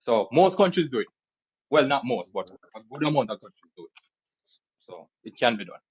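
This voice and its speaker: A man's voice: mid-range voice, big pitch swings, moderate pace, highs cut off. A man co-hosting a podcast, explaining his points in a matter-of-fact way. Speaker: podcast co-host.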